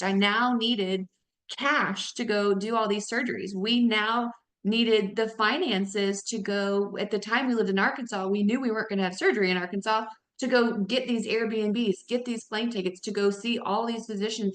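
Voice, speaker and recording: A woman in her thirties, a mom of four, giving an energetic motivational training talk to her network marketing team, calling them y'all and jumping up in pitch when excited. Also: reverberant.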